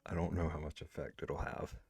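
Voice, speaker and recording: Deep-voiced laid-back male streamer. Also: flat delivery, brisk, creaky, husky, no room sound, clean studio sound. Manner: laid-back, teasing, drops to soft asides. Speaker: livestreamer. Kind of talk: casual chat with viewers.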